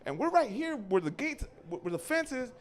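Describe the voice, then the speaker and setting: A young man telling a profane comic story at an open mic, acting out voices and shouting. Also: very high voice, sing-song, a little fast. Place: small cafe open mic stage.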